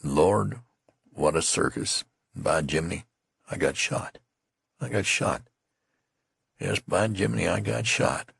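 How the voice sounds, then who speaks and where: A man voicing a tall wounded male soldier who speaks in a dazed, halting, monotonous way. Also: deep voice, no room sound, studio quality. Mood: bewildered.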